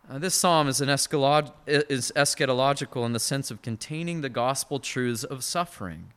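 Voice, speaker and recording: Bright-voiced man preaching a sermon. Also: mid-range voice, animated, brisk, hardly any pauses, smooth. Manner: earnest, swinging from hushed to emphatic; conversational asides with short laughs. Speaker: pastor.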